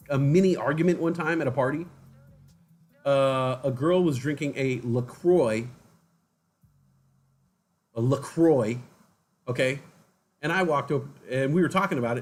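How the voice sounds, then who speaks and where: A man casually chatting to viewers on a livestream, telling rambling stories and mimicking other people's voices. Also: mid-range voice. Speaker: livestream host.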